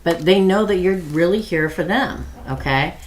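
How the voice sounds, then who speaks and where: Middle-aged woman, tarot reader, low voice, chatty with lots of ums. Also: moderate pace, a little hiss or hum. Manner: chatty, thinking aloud with many ums; reads viewer questions aloud and answers them. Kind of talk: live tarot reading for viewers.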